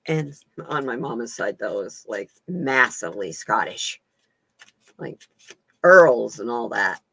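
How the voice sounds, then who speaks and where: A woman's voice: sits low, sharp tone, no room sound. A woman hosting a casual live-stream chat as a card reader, folksy and laughing often.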